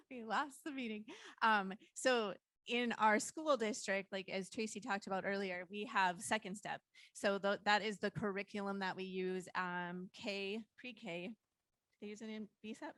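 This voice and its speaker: A woman's voice: mid-range voice, unhurried, fairly bright tone, no room sound. Woman presenting school practices, dry sound. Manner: conversational, explains curriculum to adults. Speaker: school district learning designer. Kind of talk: presentation to foster parents. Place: online meeting.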